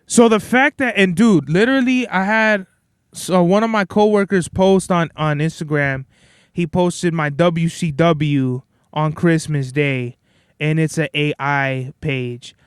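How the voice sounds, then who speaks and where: A young man hosting a podcast, telling stories in a blunt, profane, animated rant. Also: on the high side, measured pace, clean tone, dry recording, studio quality. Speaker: podcast host. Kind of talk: casual ranting monologue.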